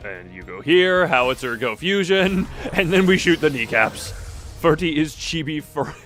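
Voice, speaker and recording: A man's voice: fairly high pitch, very animated, unhurried, a bit bright, faint music behind. A man streaming a card game live, chatting with viewers in a wry, theatrical way. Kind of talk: live gameplay stream chat.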